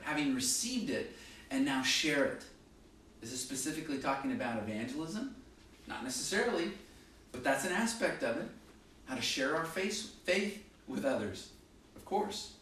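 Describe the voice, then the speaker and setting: Emphatic preacher in an echoing hall. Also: male voice, fairly bright tone, a little hiss or hum. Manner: emphatic, varies pitch and volume for stress. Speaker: pastor. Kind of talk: sermon. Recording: very echoey hall, mic from a distance.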